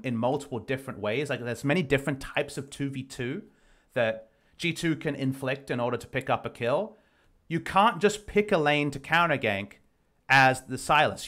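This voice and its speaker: A man's voice: mid-range voice, fairly bright tone. A man breaking down a recorded match as an esports analyst, explaining plays in detail. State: losing his voice. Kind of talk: game review commentary.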